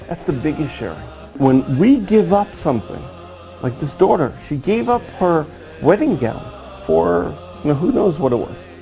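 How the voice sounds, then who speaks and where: A man giving a storytelling sermon on Kabbalah, animated and acting out the quoted dialogue. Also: fairly high pitch, poor audio. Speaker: Kabbalah teacher.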